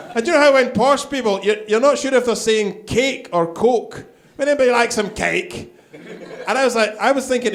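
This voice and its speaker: Chatty man hosting a comedy night. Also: sits high. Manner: loud, chatty, laughing at his own jokes. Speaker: host. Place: live comedy bar crowd.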